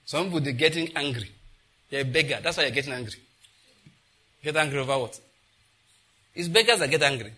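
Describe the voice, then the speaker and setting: Man, pastor, bright forceful delivery, humorous call-and-response preaching. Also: fairly high pitch, animated, a little fast, long pauses. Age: adult, married. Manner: bold, humorous, leads the crowd in repeated declarations. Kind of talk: sermon with call-and-response declarations.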